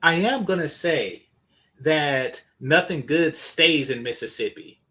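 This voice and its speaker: Male reaction host, high lively voice, blunt and cursing. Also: slow pace. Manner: blunt, profane and scornful. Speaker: commentary channel host. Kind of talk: reaction commentary.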